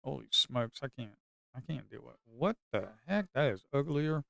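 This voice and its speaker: A man giving casual live commentary on a slow market as a day trader, grumbling and talking to his viewers as folks, with sudden excited outbursts. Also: medium pitch, gravelly, no echo, clean studio sound.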